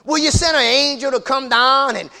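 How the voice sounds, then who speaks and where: A man's voice: extremely high pitch, moderate pace, pushed and bright, voice pushed up, full character voice. A man voicing a puzzled angel who questions God in an incredulous, rising tone.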